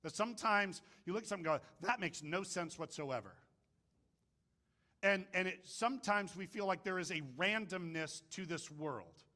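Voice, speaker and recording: A man's voice: high voice, brisk, few pauses. A man preaching a casual, joking sermon, telling stories and doing voices for the people in them. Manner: jokey, animated storytelling with voices. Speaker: pastor.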